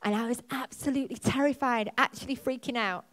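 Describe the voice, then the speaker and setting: A woman preaches to her church with a fairly high voice. She tells her story with animation, her pitch leaping as she relives the moments. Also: steady tone, a little fast, a bit bright. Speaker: pastor. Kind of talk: sermon. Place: church auditorium.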